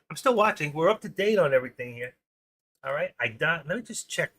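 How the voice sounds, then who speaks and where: Chatty older man with a bright voice. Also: on the high side, animated, a little fast. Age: 60s. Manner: chatty, opinionated, jumps between stories and market numbers. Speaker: live stream host. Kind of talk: rambling live-stream chat.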